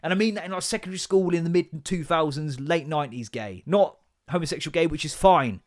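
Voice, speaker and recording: A man, hosting a casual solo podcast and ranting in a sweary, sarcastic, animated way. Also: on the high side, a little fast. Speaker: podcast host.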